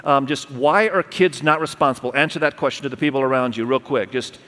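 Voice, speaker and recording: A middle-aged male pastor preaching a sermon, animated, asking the congregation questions and speaking straight to them. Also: mid-range voice, a little fast. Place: church auditorium. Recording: long hall reverb.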